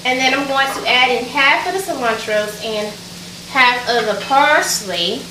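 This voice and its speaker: A woman's voice: high-pitched, unhurried, far from the mic, noisy background. A woman with a Southern US accent from Alabama, chatting bubbly and straight to her viewers as she walks through a cooking tutorial at her stove. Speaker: cooking vlogger. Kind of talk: casual cooking tutorial chat. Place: home kitchen, at the stove. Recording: echoey kitchen, mic set back, sizzling pan. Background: frying and sizzling food.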